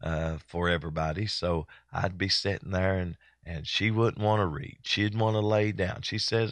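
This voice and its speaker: Older grandpa type, real low voice, rambles slow w/ lots of uhs, dry close sound. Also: male voice, fairly bright tone, no echo. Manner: folksy, rambling with many pauses and fillers. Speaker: church broadcast host. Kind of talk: casual chat.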